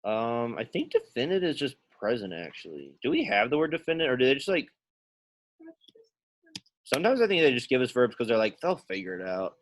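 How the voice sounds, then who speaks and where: A man's voice: mid-range voice, very animated, a little fast, slight background noise. Casual man teaching a classroom lesson. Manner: casual, quizzing students by name and thinking aloud. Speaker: Latin teacher.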